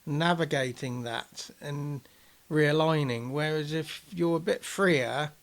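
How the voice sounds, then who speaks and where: Brief: man, podcast co-host, a touch high-pitched, muses aloud with pauses and ums. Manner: reflective, hesitant, many fillers. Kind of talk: casual podcast chat.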